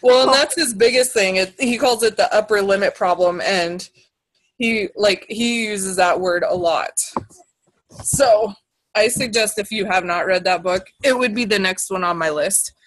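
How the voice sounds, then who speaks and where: A woman on a casual team video call, chatting in a relaxed way and giving advice. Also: medium pitch, measured pace, low-quality recording. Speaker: team member on a coaching call.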